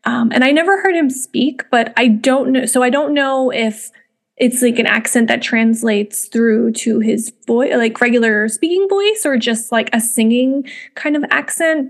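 On her music podcast, the young host talks at normal speed in a voice on the high side. Her casual, chatty commentary keeps circling through fillers and restarts.

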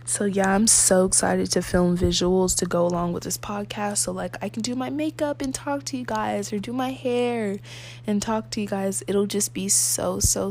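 A woman's voice: mid-range voice, gravelly, a little mellow. Rambling woman podcast host. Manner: rambling and repetitive, with many fillers and restarts. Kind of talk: casual solo podcast talk. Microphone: no proper microphone yet, a basic built-in mic.

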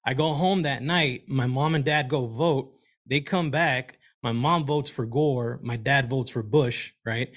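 A man at a middling pitch calls in and asks a long question in a rambling, informal way, full of fillers. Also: unhurried, fairly bright tone. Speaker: caller. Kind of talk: casual question to a guest.

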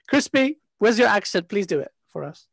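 A man's voice: sits high, vocal fry, a bit bright, slightly rough, no room sound, studio quality. A man co-hosting an interview and teasing the others in a playful way. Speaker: co-host. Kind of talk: casual interview chat.

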